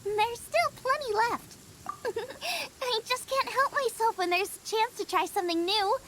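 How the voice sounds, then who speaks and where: A woman's voice: very high voice, unhurried, very noisy. Xiang Ling, eager young chef girl. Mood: enthusiastic. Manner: enthusiastic, rambling about recipes. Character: cheerful young female traveling chef, food-obsessed. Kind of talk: video game cutscene voice acting. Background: game music.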